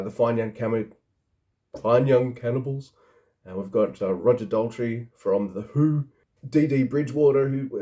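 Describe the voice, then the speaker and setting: A man's voice: mid-range voice, warm tone. A man in his thirties giving a casual, rambling TV review, swearing freely and often restarting his sentences. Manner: rambling, profane, frequent restarts.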